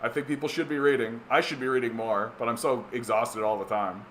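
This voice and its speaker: Canadian guy rambling on his stream, sarcastic, lots of uh and restarts, mid pitch, bit of background hiss. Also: steady tone, fairly quick, a bit bright. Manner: rambling, many restarts and fillers, sardonic. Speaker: livestream host reading chat. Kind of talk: casual political livestream chat.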